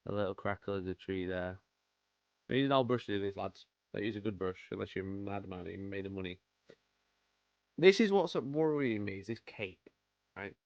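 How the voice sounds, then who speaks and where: A man's voice: lowish voice, animated, normal speed, dry recording, lo-fi sound. A British man hosting a live stream while painting miniatures, chatting casually and greeting viewers by name. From United Kingdom. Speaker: livestream host painting miniatures.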